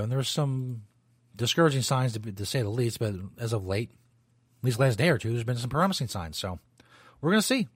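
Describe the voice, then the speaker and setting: A man's voice: medium pitch, animated, a little fast, slightly rough, no echo, clean studio sound. A man hosting a talk radio show, rambling loosely and swearing as he comments. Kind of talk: casual talk radio monologue.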